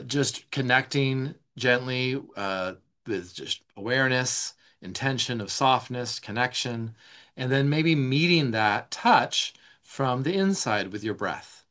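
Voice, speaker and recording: A man answering listener questions as a somatic coach in a casual teaching talk, speaking gently and slowly, with many "like" fillers. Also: mid-range voice. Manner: gentle, unhurried, many "like" fillers, slows down for soft guidance.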